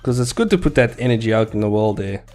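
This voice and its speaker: A man's voice: on the low side, expressive, quick pace, a little mellow, faint music behind. A young man chatting casually with viewers while drawing his comic. He rambles, laughs a lot and swears freely. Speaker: comic artist streaming. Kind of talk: casual live-stream chat.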